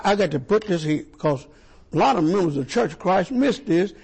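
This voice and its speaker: A man preaching with a gravelly, husky voice that sits high for a man. His delivery swings widely up and down as he repeats phrases and calls out questions to the congregation. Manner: animated call-and-response preaching, repeats and stumbles. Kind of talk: sermon.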